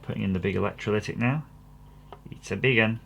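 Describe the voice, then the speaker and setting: Give me a man with a gravelly voice casually talking through a kit build, self-deprecating and rambling. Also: fairly low pitch, fast, noisy background. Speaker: electronics kit builder, channel host. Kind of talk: casual workbench commentary.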